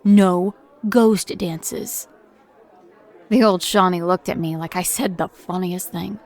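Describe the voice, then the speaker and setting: A woman's voice: lowish voice, steady tone, slow pace, a little mellow, some chatter behind. An actress voicing a hardened middle-aged mother and paranormal agent, who tells her report in a blunt, grim, dry-humored way. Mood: weary. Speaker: narrator of a recorded report. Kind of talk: audio drama monologue.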